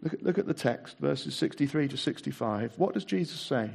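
A man's voice: on the high side, expressive, a little fast, vocal fry, a little mellow, slightly rough. A man preaching a sermon, asking repeated rhetorical questions and reading passages aloud. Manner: reads long passages aloud.

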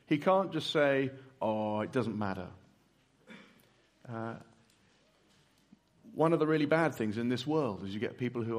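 A man preaching earnestly, pleading with listeners, then leading a slow prayer and answering a question. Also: mid-range voice. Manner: earnest, pleading, with soft drops and emphatic rises. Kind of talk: sermon with prayer and Q&A.

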